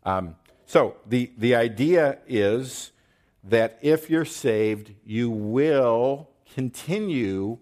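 Male pastor, mid-pitched voice, emphatic sermon delivery with pointed pauses. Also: animated, darkish tone. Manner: emphatic, pauses to drive points, checks in with "okay?". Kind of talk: sermon teaching.

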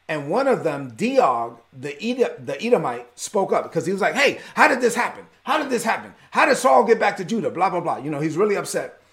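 Animated gravelly-voiced male preacher. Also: a little high. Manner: animated storytelling, acts out the characters. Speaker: pastor. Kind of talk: sermon.

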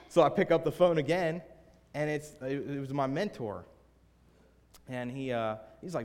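A young man preaching a sermon with a personal testimony and prayer, earnest and shifting from hushed to emphatic. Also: mid-range voice, unhurried, long pauses, long reverb tail. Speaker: pastor. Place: church sanctuary.

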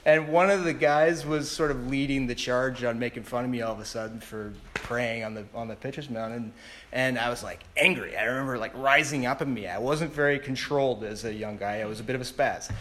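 A man's voice: mid-range voice, a little fast, a bit bright, slight background noise. A man in his thirties giving a personal testimony in a rambling way, with many fillers and restarts. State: tearful. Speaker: speaker sharing a testimony.

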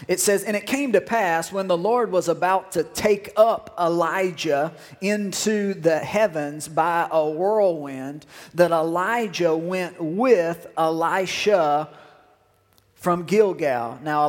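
A male pastor preaching a sermon, repeating phrases and asking the congregation questions. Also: on the high side. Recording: long hall reverb.

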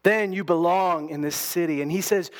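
Guy with a pretty high voice preaching, chatty sermon, restarts a lot, acts out quotes. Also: normal speed. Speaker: pastor.

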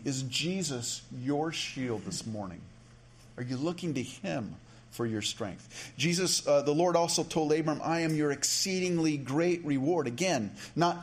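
Male pastor, sermon delivery, chatty with restarts, slightly high voice. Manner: conversational, many restarts and asides.

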